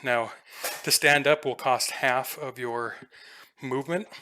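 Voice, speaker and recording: A man's voice: mid-range voice, fairly even intonation, slow pace, bright, forceful tone. A man narrating a tabletop game as game master, casual and playful, with many filler ums.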